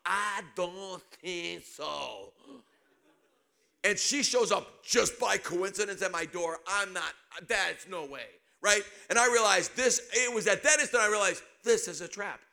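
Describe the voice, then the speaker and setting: A middle-aged man preaching a sermon, telling a personal story with animated delivery and sudden shouts. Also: high voice, normal speed, vocal fry, few pauses.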